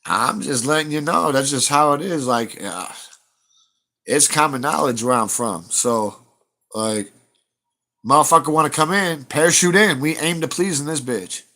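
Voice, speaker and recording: A man's voice: a little high, expressive, normal speed, bright, forceful tone. A man, chatting casually to viewers on his livestream, blunt and profane as he rambles through stories. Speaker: livestream host.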